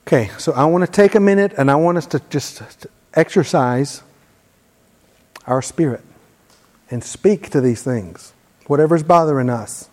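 A man's voice: fairly high pitch, moderate pace. Man preaching in a reverberant hall. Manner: leads call-and-response prayer, forceful commands. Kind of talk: sermon teaching.

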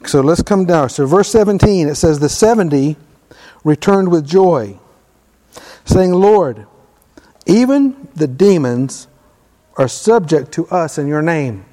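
A man with a high, mellow voice reads scripture with emphasis during an animated, conversational sermon. He speaks slowly, leaving long pauses, and a large church hall gives his voice a long reverb.

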